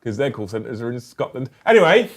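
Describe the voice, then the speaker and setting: Animated, swearing man. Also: medium pitch, brisk. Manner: animated, swears freely, laughs at own stories. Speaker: host and referee of a tabletop battle report. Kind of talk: casual chat and storytelling.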